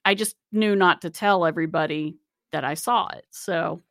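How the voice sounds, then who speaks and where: A woman with a somewhat low voice, chatting about her childhood in a hesitant way with restarts. Her sound is dry and close. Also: moderate pace, no echo. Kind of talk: casual chat.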